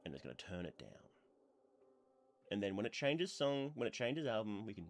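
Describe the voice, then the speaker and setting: A man's voice: lowish voice, very animated, normal speed. A man talking casually on his livestream, rambling with lots of fillers, a bit stuffy from blowing his nose. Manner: rambling, chatty, with many fillers. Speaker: streamer.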